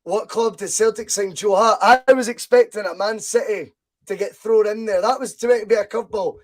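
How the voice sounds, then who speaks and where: Excitable high-voiced Scottish man hosting. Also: normal speed. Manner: excitable, shouts when thrilled. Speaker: podcast host. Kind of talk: casual quiz chat.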